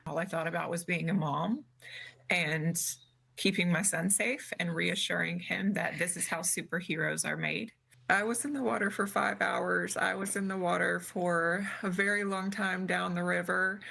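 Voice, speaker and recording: A woman, a grieving mother, speaking slowly and haltingly in an emotional interview, pausing often. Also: on the low side, steady tone, gravelly, pushed and bright, breathy edge. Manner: slow, halting, with many pauses and fillers.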